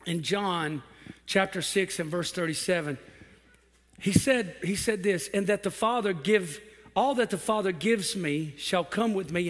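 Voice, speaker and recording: Pastor, male, high bright voice, fervent preacher with long hall reverb. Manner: preaches in swelling shouts, then drops to a low quiet voice. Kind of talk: sermon. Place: church hall with a congregation.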